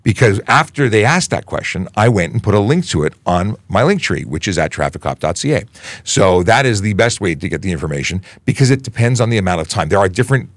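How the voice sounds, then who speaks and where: A man who is a police media relations officer, hosting a casual Q&A livestream and answering viewer questions in a conversational, animated way with frequent restarts. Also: fairly low pitch, fast talker, no room sound. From Canada.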